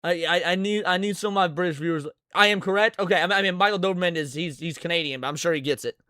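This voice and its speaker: A man's voice: high-pitched, fast, bright, forceful tone, clean tone, dry recording, studio quality. A man streaming a reaction, ranting with heavy swearing and stammered repeats. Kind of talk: profane reaction commentary.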